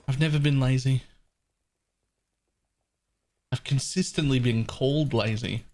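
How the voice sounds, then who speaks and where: An Australian man in his thirties chats through a live game stream from his home setup. He talks in a blunt, wisecracking way and swears freely. His voice sits at an ordinary mid pitch. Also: a little slow, pauses often, a little mellow. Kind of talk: casual live-stream chat. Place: home gaming room.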